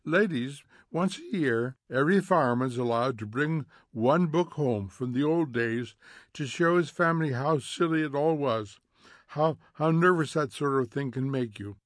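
A brittle, chattering housewife, cheerful on the surface and anxious underneath, as a male narrator puts her on. Her voice rises higher and sweeter, and the studio sound is dry. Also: expressive, unhurried, no echo. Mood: nervous bright. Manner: falsely bright, nervous.

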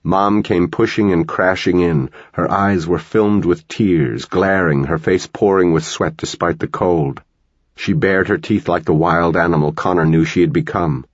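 Deep husky male audiobook narrator. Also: no echo, highs cut off. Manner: measured, dramatic storytelling.

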